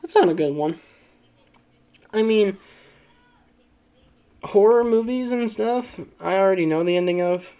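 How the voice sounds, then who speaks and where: A man's voice: high-pitched, unhurried, long pauses, dark tone, smooth. Rambling, joking man. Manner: rambling, joking, lots of fillers and laughs. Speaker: video creator. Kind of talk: casual commentary reading online posts.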